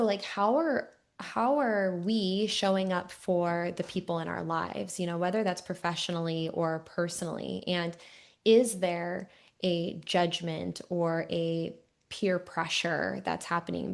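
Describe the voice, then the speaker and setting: Podcast host, young woman, lowish voice, reflective and chatty. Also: creaky. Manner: thoughtful, reflective, uses many fillers. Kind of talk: interview conversation.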